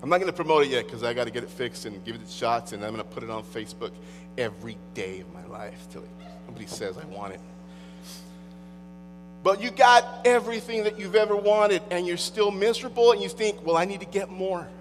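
A man's voice: mid-range voice, animated, brisk, soft background music. A man preaching a sermon, emphatic and wry in a conversational way. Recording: long hall reverb, faint mains hum.

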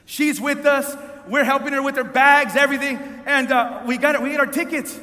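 A man tells a long, animated story from the pulpit in a high, bright voice, stumbling over repeated words as he goes. The sound carries a long reverb from a big hall. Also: fairly quick. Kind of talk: storytelling sermon. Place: large hall with an audience.

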